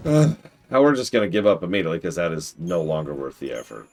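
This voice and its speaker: A man's voice: low voice, very animated, fast, vocal fry, a little mellow, soft background music. A man casually chatting with a child while streaming a game, playful and teasing. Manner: playful, teasing, slips into silly voices.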